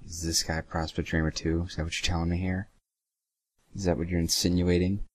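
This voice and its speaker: Sarcastic deep-voiced young man. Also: level tone, no room sound. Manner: sarcastic, swears freely, reads lines aloud haltingly. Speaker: reaction video host. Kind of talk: casual reaction commentary.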